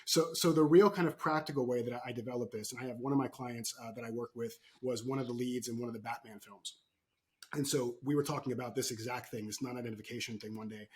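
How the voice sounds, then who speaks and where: A man who works as a performance coach, a podcast guest who tells animated stories and keeps checking in with "right?". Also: medium pitch, fast. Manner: animated storytelling, frequent "right?" tags. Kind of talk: podcast interview.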